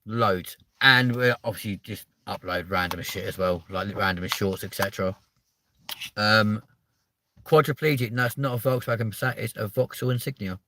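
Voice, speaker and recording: A man's voice: fairly low pitch, normal speed, sharp tone, slight background noise. A young man, chatting casually to viewers on a live stream, rambling and swearing his way through stories.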